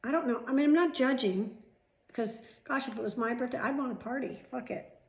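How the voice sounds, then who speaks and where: A woman's voice: high-pitched, brisk. A middle-aged woman vlogging at home, chatting casually to the camera with rambling asides and the odd swear word. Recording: echoey room.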